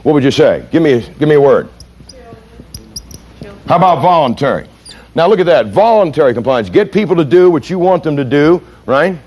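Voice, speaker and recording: An American man gives a storytelling lecture on police training. His pitch swings widely and he talks fast. He keeps pulling the audience in with questions. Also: breathy edge. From United States. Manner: animated, punchy storyteller who asks the audience questions.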